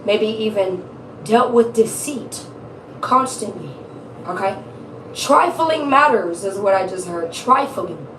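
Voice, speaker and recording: A woman's voice: medium pitch, expressive, slow pace, fairly bright tone. Woman reading tarot live, laughs a lot and cusses, kinda far from the mic, faint hum behind. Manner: chatty, laughs often, swears freely. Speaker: tarot reader. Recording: echoey room, off-mic.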